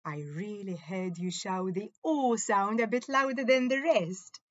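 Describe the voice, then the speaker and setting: A woman teaching a phonics lesson to young children, sounding out letters and words slowly and clearly. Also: lo-fi sound. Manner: slow, clear sounding-out with lively up-and-down pitch.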